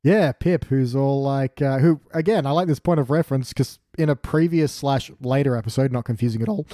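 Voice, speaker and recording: Mellow-voiced man, chatty podcast co-host. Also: mid-range voice, no room sound, clean studio sound. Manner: retells scenes with quick mimicked character voices. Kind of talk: casual chat.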